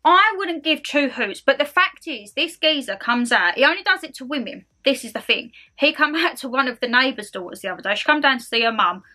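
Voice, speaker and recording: A young woman ranting to her vlog camera at home, animated and exasperated, full of slangy asides. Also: sits high, brisk, few pauses. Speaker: vlogger. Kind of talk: casual ranting chat to camera.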